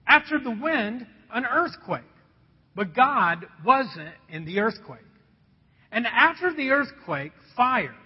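A man preaching a sermon as pastor, telling stories with lively energy and dropping to a hush at times. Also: very high voice, slow, slightly rough. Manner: animated storytelling, drops to a hush. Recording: dull sound with long hall reverb.

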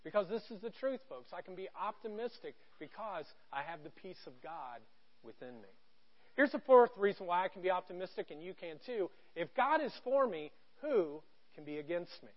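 A middle-aged man preaching a sermon from a church stage, conversational and joking, going from quiet to loud. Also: sits high, sing-song, normal speed, lo-fi sound. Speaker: pastor.

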